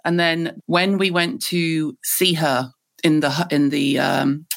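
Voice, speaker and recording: A middle-aged woman from Liverpool with a Scouse accent, a guest telling lively stories in a podcast interview. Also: deep voice, slow, creaky. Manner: lively, animated storyteller.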